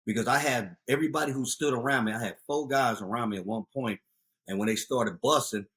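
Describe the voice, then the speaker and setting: A man in his fifties spins street stories in a casual interview with a husky, worn voice. He shifts into loud, animated bursts as he tells them, his pitch sitting in an ordinary middle range. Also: brisk. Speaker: guest, youth outreach founder.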